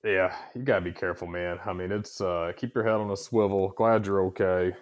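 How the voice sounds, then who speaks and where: A man's voice: sits low, fairly quick. A man co-hosting a casual podcast, telling stories with plenty of cursing. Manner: profane, animated storytelling. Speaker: co-host.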